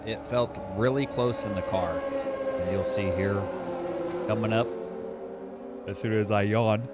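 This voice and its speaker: A man with a fairly low voice calls an online race he is driving in, chatting casually and lifting with excitement when the action heats up. There's a clear hum of noise under his voice. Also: measured pace. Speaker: sim racing commentator and driver.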